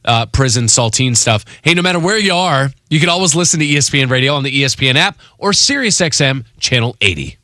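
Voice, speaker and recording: Guy hosting sports radio, bright forceful voice a bit high, dry studio sound. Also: dry recording. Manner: lively, quick, opinionated. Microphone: studio microphone.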